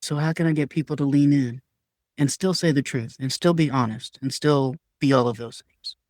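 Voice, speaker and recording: A man's voice: medium pitch, steady tone, moderate pace, a little mellow, no room sound, clean studio sound. A man talking candidly as a podcast guest, earnest and emphatic, sometimes acting out his own past words in a raised voice. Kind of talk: candid conversational sharing.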